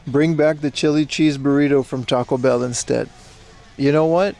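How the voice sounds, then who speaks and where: A man hosting a casual IRL livestream chats as he browses a retro game shop, reading chat aloud to viewers. His voice is fairly high, steady, creaky and mellow at normal speed, and faint music can be heard behind it.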